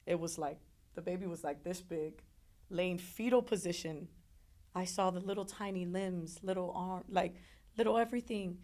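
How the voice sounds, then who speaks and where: A woman telling a painful personal story in an interview, emotional and halting, with frequent restarts. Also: on the low side, darkish tone. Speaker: interview guest.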